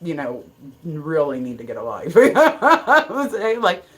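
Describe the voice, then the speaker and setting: A woman from Ohio hosts a casual livestream, chatting straight into her phone or webcam. Her voice sits a little low for a woman. She talks bluntly, swears freely and stops to greet people in the chat by name. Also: huge pitch swings, takes it slowly. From Ohio, USA. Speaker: livestream host. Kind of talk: casual live-stream chat.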